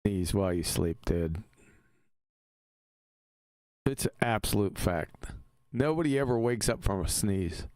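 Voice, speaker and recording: A man's voice: on the low side, expressive, a little slow, pauses often, darkish tone, dry recording. A man hosting a casual live stream, talking in an emphatic, argumentative way and laughing easily.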